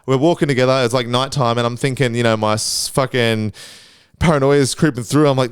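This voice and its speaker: A man's voice: mid-range voice, quick pace, clear, resonant tone, dry recording, clean studio sound. A young man hosting a podcast, telling rambling travel stories in a laid-back, profane way. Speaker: podcast host. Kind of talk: casual storytelling.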